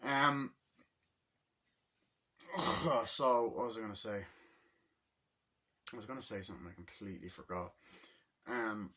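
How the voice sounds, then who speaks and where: A man's voice: lowish voice, a little slow, pauses often, pushed and bright. A man casually reviewing a movie on video, rambling, swearing and losing his train of thought.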